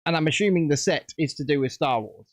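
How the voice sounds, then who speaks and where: A man hosting a live stream, chatting in a rambling, animated way as he builds a set. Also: fairly high pitch, quick pace, no echo. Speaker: streamer host. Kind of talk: casual live-stream chat while building.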